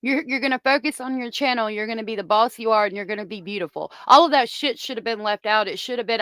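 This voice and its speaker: A woman's voice: fairly high pitch, fast talker, few pauses, fairly bright tone, dry recording. A woman hosting a heated commentary stream, ranting angrily and swearing at viewers into a close microphone. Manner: angry, profane, ranting at viewers. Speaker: commentary channel host. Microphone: close desk microphone.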